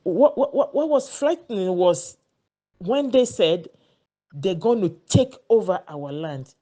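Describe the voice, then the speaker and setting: A woman's voice: medium pitch, lively intonation, slow, dark tone. A woman telling a personal story in a casual monologue, earnest, often repeating words as she searches for them. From Ghana. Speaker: vlogger sharing a personal story.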